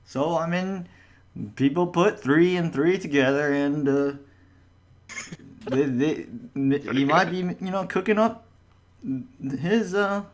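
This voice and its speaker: A man voicing a gruff, evasive male tavern patron who stammers and rambles through secondhand rumors in a tabletop game. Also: fairly high pitch, slow pace, voice pushed up. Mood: conspiratorial. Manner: stammering, rambling, hearsay-repeating.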